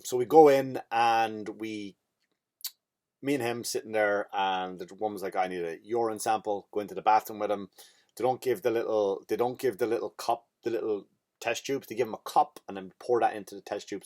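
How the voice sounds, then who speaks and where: A man's voice: lowish voice, fairly quick, darkish tone. Irish male comedian, podcast host, rambling profane storyteller. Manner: rambling, profane, self-interrupting.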